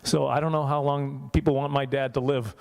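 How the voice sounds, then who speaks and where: A man's voice: mid-range voice, level tone, fairly quick, vocal fry, a little mellow. Man, stand-up comic from Canada, self-mocking, chatty, does voices for characters, church hall crowd. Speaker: stand-up comedian. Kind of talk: stand-up comedy set. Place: church hall with a small audience.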